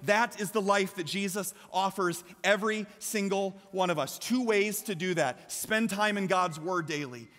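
A man with an American Midwestern accent preaching a lively sermon as a pastor, with emphatic bursts and shouts. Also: high-pitched. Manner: energetic, emphatic preaching with sudden loud shouts. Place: large church sanctuary. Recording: long hall reverb from a church.

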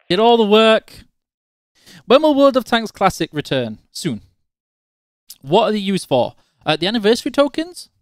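A man's voice: high-pitched, wildly swooping pitch, normal speed, dry recording, clean studio sound. A man from Yorkshire hosting a live game stream, chatting casually and teasing while reading out chat questions. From Yorkshire, England.

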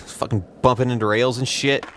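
A young man hosts a let's play, offering sarcastic, profane and self-mocking commentary as he plays a video game. His mid-range voice is brisk and fairly bright with fairly even intonation, over slight background noise.

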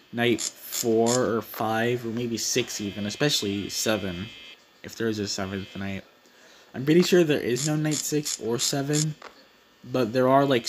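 A man's voice: medium pitch, slight background noise, poor audio. A young man giving casual let's-play commentary on a horror game, rambling with lots of fillers and jumpy outbursts. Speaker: gaming YouTuber.

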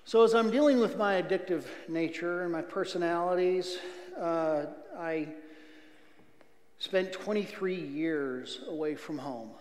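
An earnest middle-aged man shares his testimony from a church pulpit, with a slightly high voice. He swings between loud outbursts and near whispers, and his words ring out in a roomy sanctuary with a long reverb. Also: unhurried. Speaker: guest speaker giving testimony. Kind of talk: testimony sermon. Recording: echoey church hall reverb.

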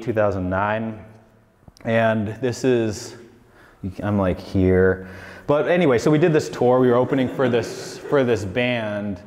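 A man's voice: fairly low pitch, a little mellow. Rambling man lecturing in a reverberant hall. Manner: loose, rambling, heavy on "like" and "you know". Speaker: designer giving a lecture. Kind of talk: casual storytelling lecture.

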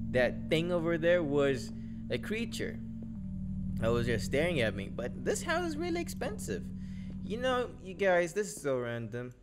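A man giving jokey, exclaiming let's play commentary, chatting to his viewers as he plays. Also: on the high side. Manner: jokey, exclaiming, talks to viewers while playing. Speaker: gaming YouTuber. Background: loud game music.

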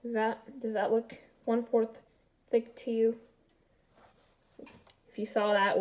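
A woman's voice: a little high, flat delivery, slow pace, pauses often, a little mellow, poor audio. A young woman chatting casually to her camera in a rambling, upbeat vlog manner. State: slightly out of breath while walking. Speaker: vlogger. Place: outdoors in a park at sunset.

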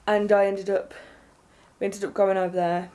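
A young woman vlogging, telling a story in an excited, rambling way with lots of fillers. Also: mid-range voice, moderate pace. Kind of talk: casual storytelling to camera.

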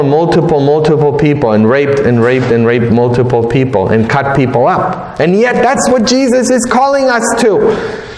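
Priest, man, higher voice, earnest storyteller, echoey hall. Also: slight background noise. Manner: earnest, repetitive emphasis, storytelling. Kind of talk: Bible study teaching. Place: parish hall or church.

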